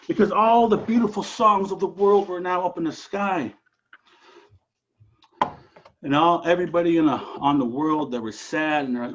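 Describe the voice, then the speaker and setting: A man from Alaska telling a traditional story aloud, animated, with dramatic rises and drops. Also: fairly high pitch, slow pace, long pauses, dull audio.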